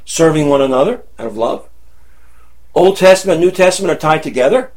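A man's voice: on the high side, brisk, darkish tone. A man teaching the Bible verse by verse, asking his listeners questions and checking in with "right?" and "okay?" after nearly every point.

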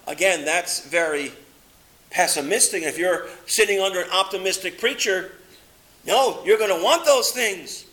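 A man preaching a sermon with a high, bright voice. He sways between loud, lifted exclamations and low, hushed statements, pressing each point hard. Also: moderate pace.

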